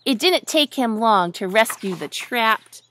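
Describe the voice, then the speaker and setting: A woman reading a picture book aloud to children in an animated way, stopping to ask them questions. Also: a little high, measured pace. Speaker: storyteller.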